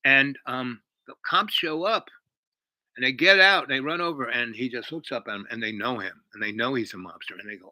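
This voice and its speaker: A man retells a story in a loose, casual way, looping back through fillers and half-finished sentences. His voice is bright and forceful, and the sound is dry and close. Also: medium pitch, a little fast, no echo, rough recording. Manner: rambling, many fillers and restarts. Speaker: host.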